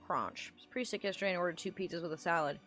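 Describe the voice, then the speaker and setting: A woman's voice: on the low side, racing, fairly bright tone, soft background music. A woman streamer in casual livestream chat, ranting and rambling with lots of swearing.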